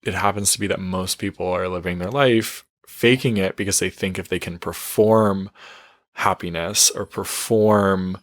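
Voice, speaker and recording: A man hosting a podcast interview, reacting warmly and enthusiastically to his guest. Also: sits low, steady tone, moderate pace, no room sound, clean studio sound. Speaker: podcast host and coach.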